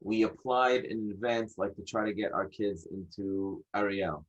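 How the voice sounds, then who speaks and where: A man, a podcast guest telling stories in an animated way, acting out dialogue and often restarting his sentences. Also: lowish voice, a little slow. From United States. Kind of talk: casual storytelling. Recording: dull lo-fi audio.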